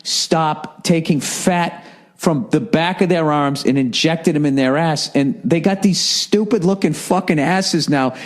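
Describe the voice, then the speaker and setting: A man's voice: on the high side, unhurried. A middle-aged man hosting a podcast, telling stories in a profane, exasperated comedic rant. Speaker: podcast host.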